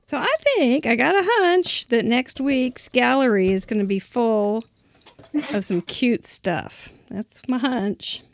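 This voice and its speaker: A woman's voice: fairly high pitch, lively intonation, slow, gravelly. A woman hosting a live crafting show, chatting casually while she works and laughing often. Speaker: host.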